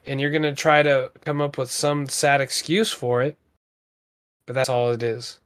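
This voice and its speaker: A man's voice: fairly high pitch, fairly even intonation, normal speed, a bit bright. Earnest rambling male podcast host. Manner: earnest, rambling, with lots of fillers. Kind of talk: casual motivational talk.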